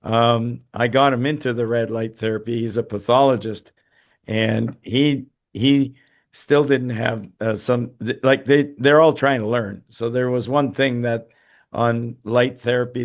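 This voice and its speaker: Tired male webinar host on a video call, halting delivery full of fillers and restarts. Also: medium pitch, steady tone. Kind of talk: webinar talk and Q&A.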